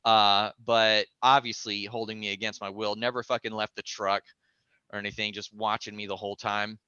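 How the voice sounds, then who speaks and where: A man telling a story as a podcast guest, animated and profane, acting out the voices. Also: lowish voice, moderate pace, clear, resonant tone, dry recording, muffled recording. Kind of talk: casual storytelling.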